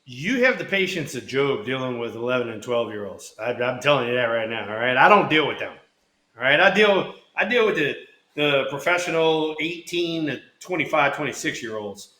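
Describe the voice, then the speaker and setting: A man's voice: medium pitch, animated, normal speed, sharp tone. Blunt, cursing man in a roomy space. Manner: blunt, profane and rambling. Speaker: co-host, former hitter. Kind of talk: casual podcast chat. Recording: roomy echo.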